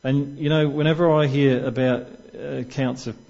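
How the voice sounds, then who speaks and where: A man delivers a sermon in a church in an easy, conversational way, putting questions to his listeners. His voice sits at a middle pitch. The recording sounds somewhat dull and lo-fi. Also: steady tone, moderate pace, creaky, darkish tone. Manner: conversational, asks the congregation questions. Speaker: preacher.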